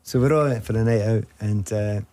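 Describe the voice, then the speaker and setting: A man with a Scottish accent, a guest telling a funny football story in casual chat, animated and laughing often as he acts out the voices of the people he met. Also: fairly low pitch, brisk. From Scotland.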